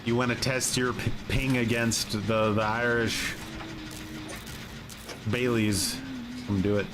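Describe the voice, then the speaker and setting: A man's voice: medium pitch, level tone, slow pace. Male streamer, mid-range voice, playful casual banter over background noise. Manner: joking, teasing, playful put-on phrases. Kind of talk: casual live gameplay chatter.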